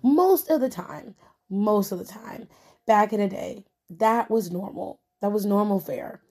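A woman's voice: medium pitch, expressive, unhurried, darkish tone. A woman hosting a wrestling podcast, ranting bluntly and with lots of swearing at her listeners. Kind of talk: casual podcast commentary.

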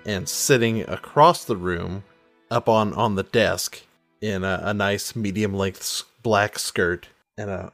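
A man playing in a tabletop role-play, narrating in a relaxed, joking way. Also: on the low side, no echo. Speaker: tabletop player.

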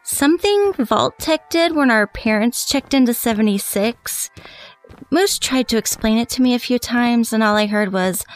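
A woman's voice: a little high, expressive, normal speed, faint music behind, lightly acted. A woman doing a bored snarky valley girl.

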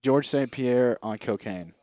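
A man's voice: mid-range voice, warm tone, no room sound, clean studio sound. Crude, joking podcast co-host, man. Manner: crude, joking, quick riffing. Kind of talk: casual comedy chat.

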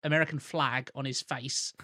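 A man's voice: medium pitch, fairly even intonation, normal speed, bright, forceful tone, no room sound, clean studio sound. A man from the UK co-hosting a casual film podcast, wry and rambling. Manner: wry, rambling with fillers and restarts. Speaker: podcast co-host.

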